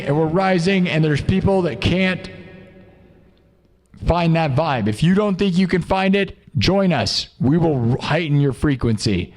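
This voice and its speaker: A man's voice: high-pitched, a little mellow, in a large hall. A man hosting a live music stream, hyping up his viewers with chanted pep talk and jabs at his haters.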